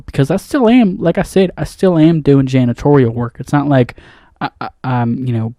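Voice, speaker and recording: Here a man with a dark, mid-range voice hosts a comedy podcast in the role of a janitor. Recorded echo-free in a studio booth on a studio mic, his monologue is a flustered, rambling rant that keeps restarting.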